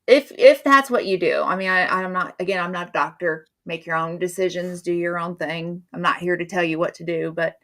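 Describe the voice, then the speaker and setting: Middle-aged woman, live-stream host, slightly low voice, rambly and chatty delivery. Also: fairly quick, hardly any pauses, a bit bright. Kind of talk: casual live-stream chat.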